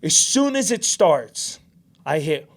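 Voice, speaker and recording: A man from New York hosting a podcast, telling a story in a casual, animated way. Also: a little high, slow. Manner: animated storyteller, acts out quotes. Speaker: podcast host.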